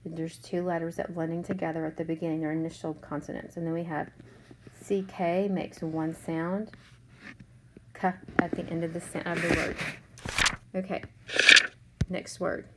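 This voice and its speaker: A woman's voice: deep voice, flat delivery, normal speed, noisy background. Patient teacher woman sounding out letters. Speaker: third grade teacher. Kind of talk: remote spelling lesson.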